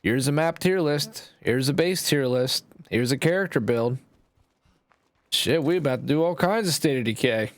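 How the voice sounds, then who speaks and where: A man's voice: mid-range voice, normal speed. A man with a Canadian accent and a nasal-sounding voice, rambling and swearing casually through gameplay commentary as a streamer. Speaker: game streamer.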